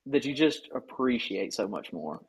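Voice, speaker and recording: A man's voice: medium pitch, very animated, normal speed, slightly rough, poor audio. A man from Georgia in his thirties, speaking earnestly as a guest on a conversational podcast, often restarting his sentences. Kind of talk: casual conversational interview.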